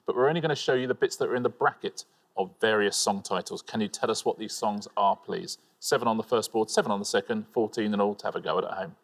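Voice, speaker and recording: A man's voice: fairly low pitch, quick pace. A man co-hosting a TV quiz show, explaining rounds and adding dry, wry asides. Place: TV studio.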